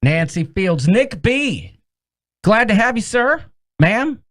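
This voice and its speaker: A man's voice: sing-song, slow, fairly bright tone, no room sound, clean studio sound. A man co-hosting a live cruise chat stream, greeting viewers by name in a sing-song drawl. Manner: sing-song drawl that swoops high on names.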